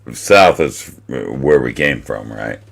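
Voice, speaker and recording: A man's voice: a bass voice, lively intonation, slow, gravelly. A man playing a tabletop game, talking casually and matter-of-factly. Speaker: player.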